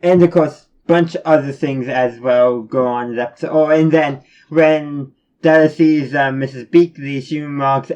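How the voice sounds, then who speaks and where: A man's voice: medium pitch, steady tone, unhurried, a little mellow, lo-fi sound. A man giving a casual spoken review, rambling along with many restarts and fillers. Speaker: reviewer of animated episodes.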